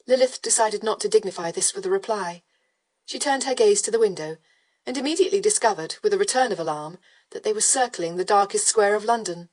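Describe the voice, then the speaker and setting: In scripted narration of a historical romance audiobook, a woman reads in a steady, measured storytelling style. Her voice sits in the mid range.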